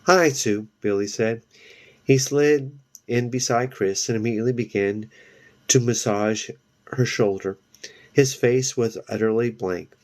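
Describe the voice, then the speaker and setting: A man reading a novel aloud, halting and restarting on words now and then. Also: mid-range voice, darkish tone. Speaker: reader.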